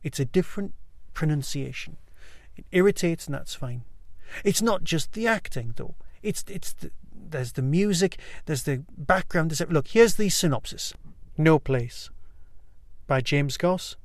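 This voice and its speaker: A man's voice: fairly high pitch, animated, measured pace, dry recording. A man hosting his own podcast, reviewing in a chatty, enthusiastic way with rambling asides. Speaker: podcast host. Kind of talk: casual solo review.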